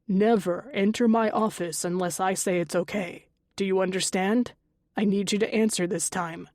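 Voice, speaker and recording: A middle-aged stepfather, soft-spoken yet quietly controlling, voiced by a woman reading the story. He lectures with a firm, even edge and keeps his voice low. The sound is dry and close, with no room around it. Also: normal speed, dry recording, close to an everyday voice. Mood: stern.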